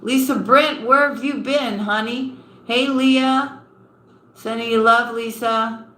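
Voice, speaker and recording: Unhurried, bright-voiced woman doing a live tarot reading, affectionate with her viewers, in a roomy space. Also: fairly high pitch, steady tone. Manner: affectionate, calls viewers honey and sweetheart. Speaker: tarot reader. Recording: roomy echo with faint ambience.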